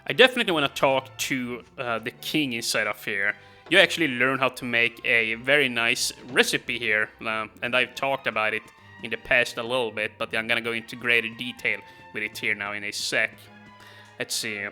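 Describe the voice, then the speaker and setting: A man's voice: mid-range voice, normal speed, pushed and bright, soft background music. A man casually commenting on his gameplay as a let's play host, rambling with many fillers and chuckles.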